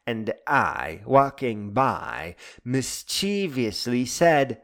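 A man reading a reflective, wry spoken essay in a musing, deliberate way. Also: medium pitch, sing-song. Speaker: essay narrator. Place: Lake Michigan area.

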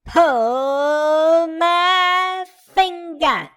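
A man putting on a crude southern woman yelling a joke, in a Southern US accent and a shrill, drawn-out yell. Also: exaggerated voice. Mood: rowdy.

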